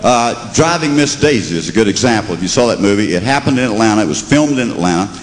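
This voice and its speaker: A man's voice: fairly low pitch, expressive, fast. A man with a Southern American accent doing a drawling, mock-indignant stand-up set. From Southern United States. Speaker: stand-up comedian. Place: comedy stage before an audience. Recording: live comedy club recording from a hall, crowd and noise audible.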